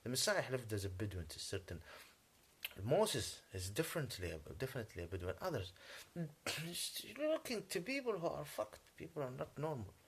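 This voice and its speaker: A native Arabic-speaking man delivering a rambling, agitated monologue in English, halting often and clearing his throat. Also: medium pitch, huge pitch swings. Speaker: vlogger.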